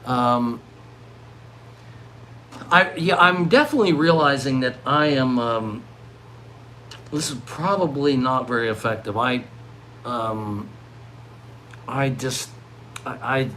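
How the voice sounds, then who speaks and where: A middle-aged man vlogging live in a rambling monologue, swinging from loud, excited outbursts to low mutters. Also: slow pace, long pauses, slight background noise, poor audio. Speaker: livestreaming vlogger.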